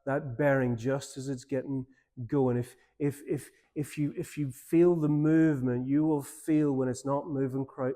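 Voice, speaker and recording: A man with an Irish accent, a pastor telling a personal story in a church seminar talk, in an informal, animated way. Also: on the high side. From Ireland.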